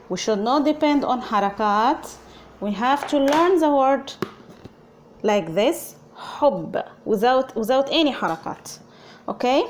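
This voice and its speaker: A woman's voice: high-pitched, slight background noise. A woman with an Arabic accent teaching a language lesson, speaking patiently and repeating sounds for learners to copy.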